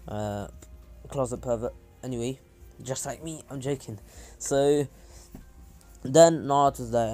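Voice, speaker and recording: Casual male storyteller, mid pitch, rambly with fillers, faint music beneath. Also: a little slow, pauses often, darkish tone. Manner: rambling, with many fillers and throat clearing. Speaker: channel host.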